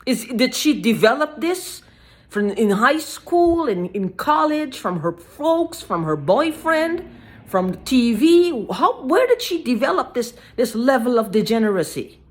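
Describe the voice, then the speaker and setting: A woman in an agitated personal video monologue, halting and repetitive, with frequent swearing and repeated phrases. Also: fairly high pitch, sing-song.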